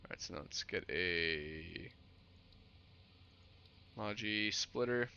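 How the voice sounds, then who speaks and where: A man giving casual gameplay commentary, relaxed and muttering to himself while he plays. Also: deep voice, slow, gravelly, highs cut off, a little hiss or hum. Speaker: gaming streamer.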